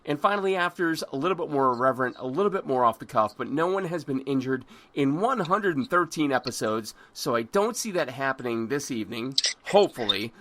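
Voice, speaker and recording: Guy hosting a podcast on a phone call, lively up-and-down voice, joking and stammering, faint hiss and clicks. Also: mid-range voice, fairly quick, few pauses. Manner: loose, joking, stammering restarts, casual swearing. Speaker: podcast host. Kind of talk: casual interview hosting.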